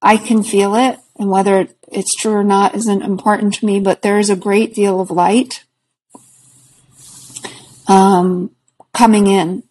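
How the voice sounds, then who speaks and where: Unhurried, breathy-voiced woman guest. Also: medium pitch, level tone, low-quality recording. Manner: reflective, earnest, laughs softly between thoughts. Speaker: podcast guest, spiritual practitioner. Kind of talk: casual conversation.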